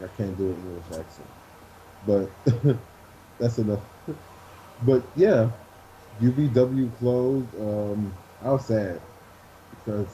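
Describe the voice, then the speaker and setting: A man, a wrestler, telling a story in an interview in an animated way and acting out what people said. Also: mid-range voice, lo-fi sound, a little hiss or hum. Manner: animated storyteller who acts out quotes.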